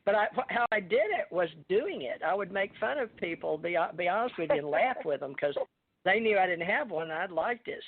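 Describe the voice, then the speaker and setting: A man's voice: high voice, animated, a little fast. A man from Louisiana and Texas with a Southern drawl, telling rambling, folksy stories in casual chat. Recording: phone-like call audio.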